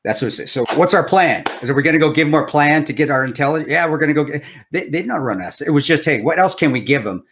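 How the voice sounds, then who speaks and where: A man co-hosting a podcast, a veteran, telling a story from his service in a relaxed, reflective way. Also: on the high side, fast. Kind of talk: casual podcast chat.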